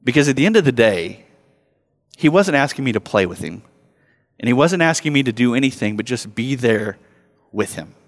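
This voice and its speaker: A man in his thirties preaching a sermon as a pastor, conversational and self-mocking, telling stories and rising loud when he acts them out. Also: medium pitch, sing-song, normal speed, long pauses. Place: church sanctuary. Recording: long hall reverb.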